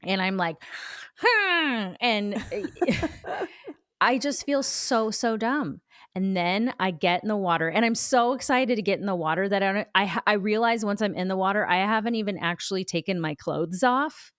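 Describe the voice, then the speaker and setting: A woman's voice: mid-range voice, a little fast, no room sound, studio quality. A woman in her forties co-hosting a podcast, telling a rambling, self-mocking story full of "like"s in casual chat. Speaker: podcast co-host.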